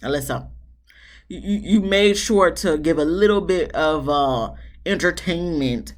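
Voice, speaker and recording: A woman's voice: low-pitched, unhurried. A woman reviewing a reality TV episode in casual, blunt, sassy commentary with slang and exasperated rants.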